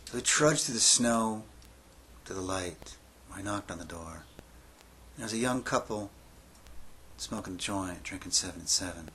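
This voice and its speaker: Storyteller, male, 50s, sharp bright tone, dramatic delivery that swings from hushed to loud. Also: low voice, animated, moderate pace, pauses often, slight background noise. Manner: dramatic, swings from hushed near-whisper to yelling. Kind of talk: spoken-word storytelling.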